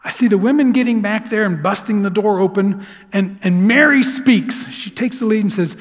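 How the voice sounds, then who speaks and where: Man, sermon, animated storytelling, high pitch, long church hall reverb. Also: normal speed. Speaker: pastor. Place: church sanctuary.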